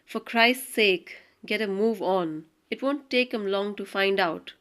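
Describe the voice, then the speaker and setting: A woman's voice: mid-range voice, a little slow, a bit bright, close to an everyday voice. A woman voicing a male prison officer in an audiobook reading, urgent and impatient.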